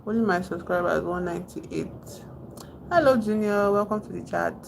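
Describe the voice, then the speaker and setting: A woman's voice: fairly low pitch, normal speed, creaky, noisy background. A woman hosting a casual livestream, reading and answering chat while rambling and repeating herself. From Nigeria. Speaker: livestream host.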